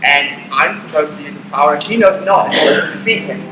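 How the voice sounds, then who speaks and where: A man's voice: on the high side, a little fast, close to an everyday voice. A man playing a young British wizard in a live stage parody, talking in an awkward, hesitant way. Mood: earnest. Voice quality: hesitant, stumbling, shy. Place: convention room, stage. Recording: echoey hall, noisy live audience room.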